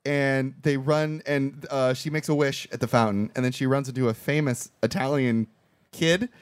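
A man's voice: mid-range voice, moderate pace, clear, resonant tone. A man hosting a podcast who recaps a movie in casual, jokey, profane chat. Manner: animated, profane, jokey storytelling. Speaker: podcast host.

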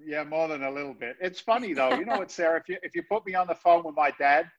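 A man's voice: a little high, fast. Chatty London-born man, muffled audio. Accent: London English softened by Boston. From England. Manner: chatty, self-mocking, chuckles often. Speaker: guest, real estate investor. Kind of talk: casual interview chat.

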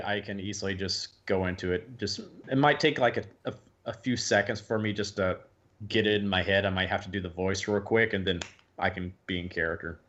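A man's voice: lowish voice, a bit bright. A man from the American South, a guest actor chatting loosely in an interview, often restarting his sentences. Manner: loose, rambling, frequent restarts. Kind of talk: casual interview chat.

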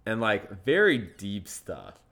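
Low, bright-voiced young man telling stories. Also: slow pace. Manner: animated storyteller who acts out quotes and laughs often. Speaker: podcast guest. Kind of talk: casual chat, storytelling.

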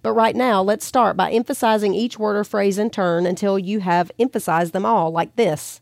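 A woman reads a devotional chapter in a gentle, prayerful voice at a middle pitch. She slows down for scripture and speaks softly. The recording is dry and close, with no room sound. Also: creaky, dry recording. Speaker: podcast host and author. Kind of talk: devotional reading.

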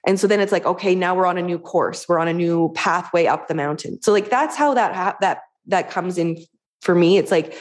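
A woman's voice: on the low side, a little mellow. A woman with a Canadian accent, a podcast co-host and business owner, speaking casually and animatedly with many filler words. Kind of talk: casual conversation.

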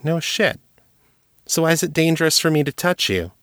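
A swaggering young tiefling woman, teasing and crude, with a voice pushed well up into a high, lively register, as a male narrator puts her on. The recording is dry and close, with no room around it. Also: moderate pace, no echo. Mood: brash.

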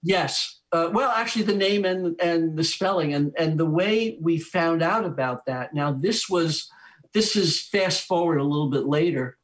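An older man, a musician interviewed, telling a long anecdote in an animated way with chuckles and restarts. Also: a little high, unhurried, rough recording. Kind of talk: anecdotal storytelling.

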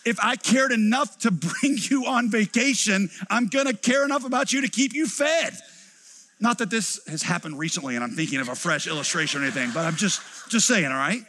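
A middle-aged pastor with a drawl preaches with animated energy. He slips into quoted voices and then drops low for emphasis. His voice is high and bright, and it carries through a long, echoing hall. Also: a little fast. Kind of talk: sermon. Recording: preached in a large reverberant hall.

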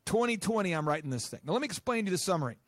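A man with a notably high voice, fired up and talking in quick, emphatic bursts. He is a guest in an interview, recorded close and dry in a quiet studio. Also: no room sound. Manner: animated, emphatic, rapid-fire. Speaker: guest, business coach and podcast host.

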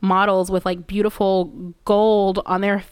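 Chatty woman with a smooth voice. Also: mid-range voice, a little slow, dry recording. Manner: chatty, self-mocking, lively storyteller. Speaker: podcast co-host. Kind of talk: casual chat.

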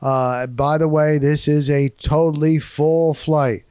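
A man parodying an airline gate agent's boarding announcement in a flat, routine cadence. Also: fairly high pitch, takes it slowly, clean tone, no echo, studio quality. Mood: announcing.

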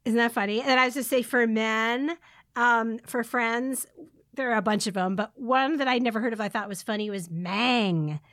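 Giggly lady cohosting a podcast, high voice, super dry sound, just chatting. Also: normal speed, fairly bright tone, dry recording. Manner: giggly, laughs between phrases. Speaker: podcast co-host. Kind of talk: casual chat.

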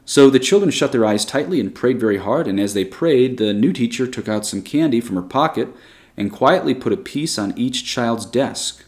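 A man narrating a story aloud in a measured, even storytelling manner. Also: mid-range voice. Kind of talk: storybook reading.

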